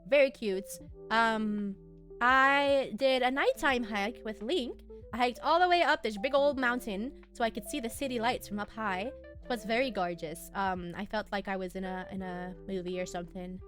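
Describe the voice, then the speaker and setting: A woman's voice: on the high side, moderate pace, fairly bright tone, faint music behind. A young woman streaming from home, chatting casually with viewers in a giggly, bubbly, teasing way, laughing often. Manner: bubbly, teasing banter with chat. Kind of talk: casual chat with live viewers.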